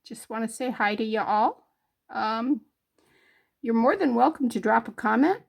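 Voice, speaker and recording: A woman's voice: on the high side, unhurried, creaky. A middle-aged woman from northern New York, hosting a jewelry crafting vlog in a homey, rambling way with many fillers. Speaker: jewelry crafting channel host.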